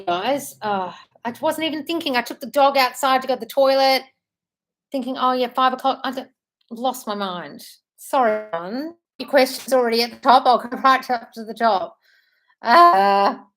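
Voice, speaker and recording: Chatty woman, slightly high voice. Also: moderate pace, a bit bright. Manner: chatty, scattered, often apologizing to viewers. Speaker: manifestation coach hosting a live stream. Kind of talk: casual live-stream chat answering viewer comments.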